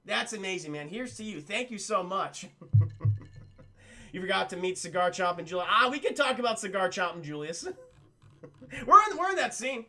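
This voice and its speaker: A man reviewing a film on a live stream, excitable and profane, acting out characters in quick voices as he recaps scenes for chat. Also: sits high.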